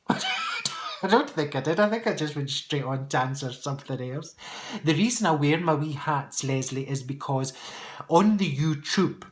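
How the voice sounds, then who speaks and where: A man's voice: fairly high pitch, lively intonation, unhurried. A middle-aged man answering viewer questions in a casual vlog, chatty and playful, laughing often and teasing his viewers.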